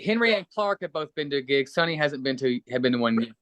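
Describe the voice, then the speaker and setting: A man's voice: mid-range voice, fast, dry recording. A middle-aged man from Kentucky, a musician guest chatting casually and a bit rambling in an interview. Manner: relaxed, rambling, friendly.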